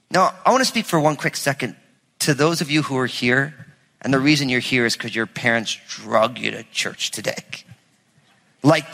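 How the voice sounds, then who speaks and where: A man, a pastor, preaching a lively, conversational sermon with humor in a church. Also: mid-range voice, in a large hall.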